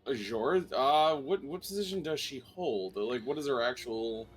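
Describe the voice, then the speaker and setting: A man's voice: medium pitch, animated, normal speed, breathy edge. A man co-playing a video game in casual commentary, playful and joking. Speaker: co-player.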